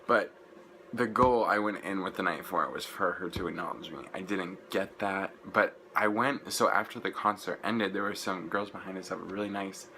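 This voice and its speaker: A young man, gushing and rambling through an excited casual vlog recap, full of "like" fillers. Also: low-pitched, normal speed, a little hiss or hum, rough recording. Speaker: vlogger.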